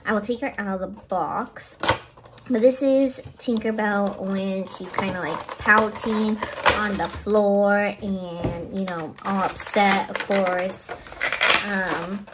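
A woman chatting to her phone camera at home, gushing and excited as she shows off her birthday haul, laughing often. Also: medium pitch, noisy background. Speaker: vlogger showing a birthday haul. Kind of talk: casual chat to camera.

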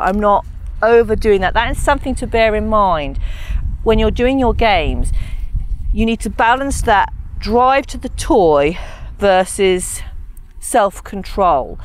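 A woman dog trainer giving a chatty, casual training demonstration, talking to her dogs between explanations. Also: medium pitch.

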